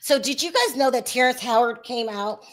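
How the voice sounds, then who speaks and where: A woman's voice: fairly high pitch, animated, normal speed, a little hiss or hum. Chatty laughing woman host. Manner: chatty, laughs often, trails off. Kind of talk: casual chat.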